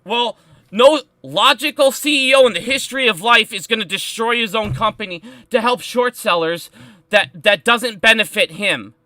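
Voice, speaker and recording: High, bright-voiced ranting male streamer. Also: moderate pace, no room sound. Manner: heated, profane and emphatic. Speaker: stock market live streamer. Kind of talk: live stream rant.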